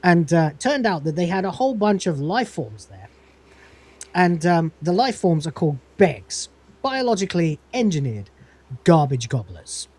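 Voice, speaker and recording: A man's voice: fairly high pitch, sing-song, moderate pace, darkish tone, breathy edge. A man hosting a podcast, recapping an episode in a rambling, casual way and acting out the lines. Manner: rambling, laughs often, acts out quotes. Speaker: podcast host.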